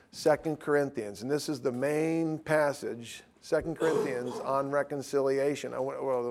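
A man's voice: medium pitch, darkish tone. Blunt, plain-spoken male Bible teacher. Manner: blunt, informal, self-interrupting.

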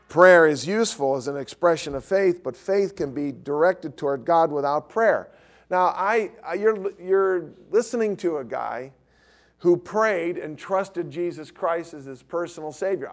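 Man teaching Bible doctrine, slightly high voice. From California. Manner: conversational, repeats key points, restarts phrases. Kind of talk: sermon-style Bible teaching.

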